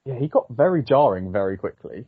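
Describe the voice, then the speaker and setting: Brisk and husky, this man's mid-range voice swings widely in pitch as he hosts a casual film review podcast. He's hesitant, full of ums and restarts, and the sound is dry, dull, and slightly lo-fi.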